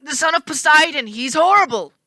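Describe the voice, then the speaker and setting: A woman's voice: high-pitched, expressive, brisk, sharp tone, no echo, pitched above the performer's own voice, exaggerated voice. A woman voicing a teenage boy who is terrified and raving with madness, in a storybook reading.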